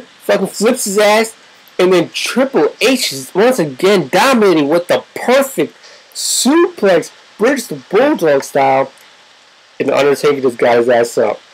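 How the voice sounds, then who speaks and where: A woman giving excitable, profane, joking play-by-play commentary over a wrestling video game. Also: on the low side, slightly rough, poor audio.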